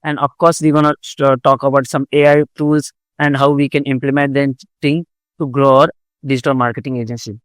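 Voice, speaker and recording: A man's voice: medium pitch, level tone, brisk, clear, resonant tone, no echo. A man hosting a podcast, introducing his guest in plain, non-native English with broken grammar. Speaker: podcast host. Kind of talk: show introduction.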